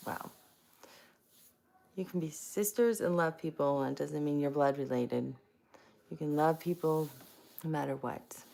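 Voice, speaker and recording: Low gravelly woman chatting live. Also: unhurried, pauses often, mellow. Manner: chatty, greets viewers by name; self-mocking and giggly. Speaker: live stream host. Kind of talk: casual live stream chat.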